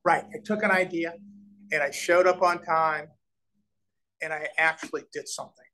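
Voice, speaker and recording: Over slight background noise and rough recording quality, a middle-aged Nebraska man with a fairly high voice talks at a normal pace. As a real estate developer guesting on an interview, he tells business stories animatedly, performing quoted people and restarting often.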